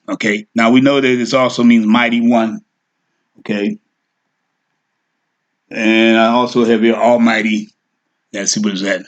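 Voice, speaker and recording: A man giving an informal lesson, thinking aloud as he clicks through reference software and checks in with "okay" and "all right". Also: fairly low pitch, highs cut off. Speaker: teacher. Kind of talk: screen-share lesson.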